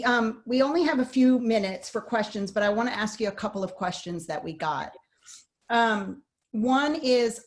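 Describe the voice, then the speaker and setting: A woman hosting a webinar, thanking the speaker and reading out audience questions with relaxed fillers. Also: medium pitch. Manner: warm, laughing, relaxed fillers. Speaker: webinar host. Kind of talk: casual moderating.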